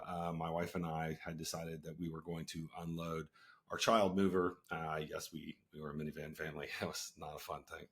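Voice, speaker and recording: Deep-voiced man telling a casual story. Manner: relaxed, frequent fillers and asides. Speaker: host, company founder.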